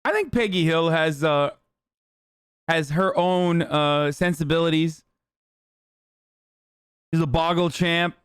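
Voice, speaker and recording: A man in his thirties hosting a livestream, reacting to news clips with sarcastic, profane, animated commentary. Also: on the high side, slow pace, pauses often, smooth, no echo, clean studio sound. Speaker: streamer host.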